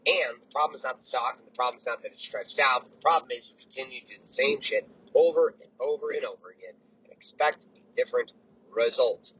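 A man in his early forties hosting a motivational podcast, telling a story in a blunt, profane, animated way. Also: mid-range voice, fast talker, husky, lo-fi sound. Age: 40s. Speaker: podcast host. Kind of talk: motivational monologue.

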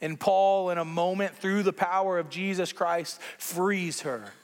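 A man preaching a sermon as pastor, conversational and animated, with playful asides to the congregation. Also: high-pitched, a little slow, big-room sound.

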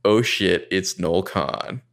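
A man's voice: low-pitched, slow, a bit bright. A man co-hosting a casual podcast, narrating TV scenes in an amused, easygoing way. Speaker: podcast co-host. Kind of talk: casual recap chat.

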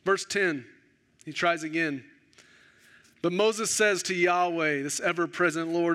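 A male pastor preaching a sermon, animated and self-deprecating, acting out the dialogue of the story. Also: high voice, a little slow, long pauses.

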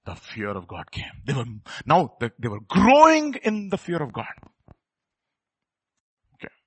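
A man preaching a sermon, firing rhetorical questions at the congregation and swinging from quiet asides to loud, emphatic peaks. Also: a little high, huge pitch swings, a little slow, slightly rough, no room sound.

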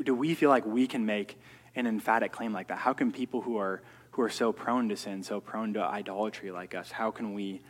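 A man preaching a sermon earnestly, often repeating words as he works through his points. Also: medium pitch. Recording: long hall reverb.

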